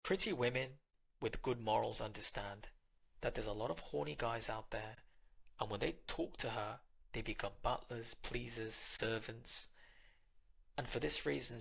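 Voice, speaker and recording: Gravelly, bright-voiced man giving dating advice. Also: medium pitch. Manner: direct, coaching, addresses listener as you. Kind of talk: monologue advice talk.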